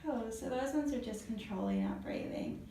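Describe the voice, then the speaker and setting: Encouraging female voice therapist, gravelly and mellow, recorded in an echoey room from a distance. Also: on the high side, moderate pace, slight background noise. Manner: encouraging, praises often. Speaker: voice therapist guiding a client. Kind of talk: step-by-step instruction.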